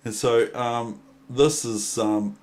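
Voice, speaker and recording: A man's voice: mid-range voice, fairly even intonation, slow, darkish tone. A man with a New Zealand accent giving a casual chess lesson, rambling and hesitant. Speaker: chess teacher. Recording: echoey room, faint noise.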